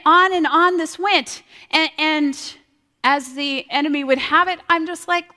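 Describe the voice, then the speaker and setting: A woman sharing a personal testimony in a large hall, earnest and halting, often repeating her words. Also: sits high, bright, forceful tone. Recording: long hall reverb.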